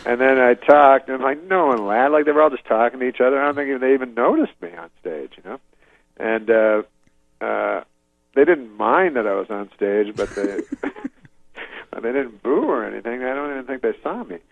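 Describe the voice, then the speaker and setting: A comedian drawls through a long, wandering story, flat and deadpan, with little chuckles along the way. His pitch sits in a mid range. The sound is dry and slightly dull, like lo-fi audio. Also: normal speed, gravelly, no echo. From Canada. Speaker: comedian guest. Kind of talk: rambling anecdote in an interview.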